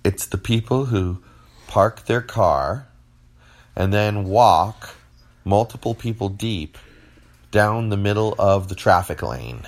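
Deep-voiced man ranting casually. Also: animated. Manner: blunt, ranting complaints with drawn-out emphasis. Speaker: podcast co-host. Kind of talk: casual chat.

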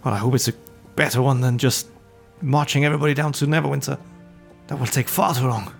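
Gm guy, gravelly and a bit husky, easygoing merchant chat. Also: medium pitch, fairly even intonation, fast, soft background music. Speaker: game master. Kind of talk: narrating and voicing characters in a tabletop game.

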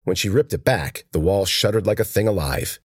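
A man reading a story aloud as a narrator, expressive and lively in his delivery. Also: sits low, brisk, breathy edge, dry recording, clean studio sound. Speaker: audiobook narrator. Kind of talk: scripted narration.

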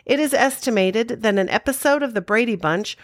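A woman's voice: on the high side, a little fast, no room sound, clean studio sound. A woman co-hosting a show, chatty and informative, reciting trivia with playful asides. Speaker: podcast co-host. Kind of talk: casual recap with trivia.

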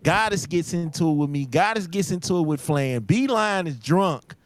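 A man's voice: on the high side, lively intonation, normal speed, no room sound. A man playing as a contestant on a podcast game, teasing and accusing the host with plenty of swearing. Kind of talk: casual podcast banter.

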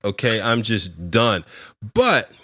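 A man hosting a podcast interview, telling a story in a lively, animated way and acting out the voices in it. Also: lowish voice, takes it slowly. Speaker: podcast host. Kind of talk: casual interview chat.

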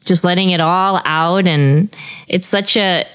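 Young woman podcast guest, low voice, rambling, emotional, laughs often. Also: a little slow, fairly bright tone, clean tone. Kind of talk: casual chat.

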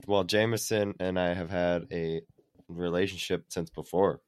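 Male, very low-pitched, playful joker in a group chat. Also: steady tone, moderate pace, darkish tone, clean tone. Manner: joking, laughs a lot. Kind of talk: casual chat.

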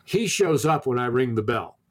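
A husky-voiced man spins a casual anecdote in everyday conversation, his pitch sitting in an ordinary middle range. He trips over repeated words as he goes and acts out each quoted exchange with lively emphasis. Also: normal speed. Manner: animated, restarts words, acts out quoted dialogue. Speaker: storyteller in a conversation.

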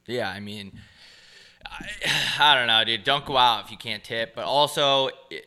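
A man's voice: medium pitch, normal speed, clean tone. A man in his twenties co-hosting a podcast, ranting in crude, mocking casual banter. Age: 20s. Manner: crude, mocking, animated rants. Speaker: podcast co-host.

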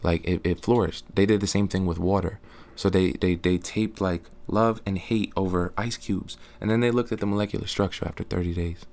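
A man's voice: sits low, steady tone, a little fast, a little mellow. A young man in casual podcast chat, talking earnestly in slang and restarting his sentences often. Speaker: guest.

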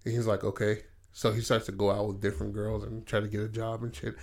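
A man casually pitching a story idea in loose, profane talk, acting out the characters' lines. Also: flat delivery, fast. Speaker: podcast host.

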